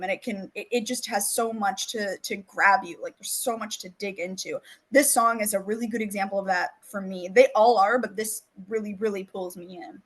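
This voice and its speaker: A woman's voice: medium pitch, a little fast, few pauses. A woman co-hosting a metal music podcast, chatting casually and enthusiastically, full of "like" and "um". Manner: chatty, enthusiastic, lots of "like" and "um" fillers. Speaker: podcast co-host. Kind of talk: casual chat.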